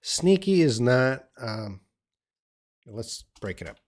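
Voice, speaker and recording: A man's voice: mid-range voice, sing-song, takes it slowly, a little mellow. A middle-aged man teaching English on a live stream, answering viewers' questions and thinking aloud with hesitant restarts. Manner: encouraging.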